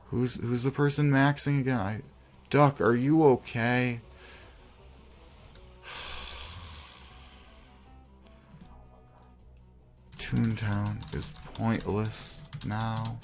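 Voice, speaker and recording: A man narrates his gameplay in a slow, unhurried drawl with a gravelly, creaky edge to his voice. He plays up theatrical self-pity, sighing heavily between lines. Faint music sits quietly behind him. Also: mid-range voice. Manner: theatrical self-pitying despair with heavy sighs. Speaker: gameplay video creator. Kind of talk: melodramatic gameplay commentary.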